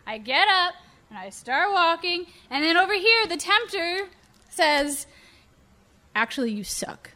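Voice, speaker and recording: Bright, high-voiced young woman preaching. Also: measured pace. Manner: animated, playful, acts out examples. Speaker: youth pastor. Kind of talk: sermon to a youth group.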